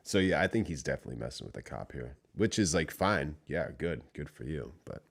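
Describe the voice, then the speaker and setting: A man streaming live, reacting to a clip with rambling commentary that trails off into quiet asides. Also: extremely low pitch, expressive, fairly quick, creaky.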